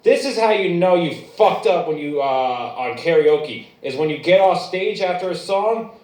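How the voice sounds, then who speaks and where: Male open-mic comic, crude rambler, raised pitch, echoey distant bar recording. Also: animated, normal speed, a little mellow. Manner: crude rambling storytelling with restarts. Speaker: stand-up comic. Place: bar stage, echoey room.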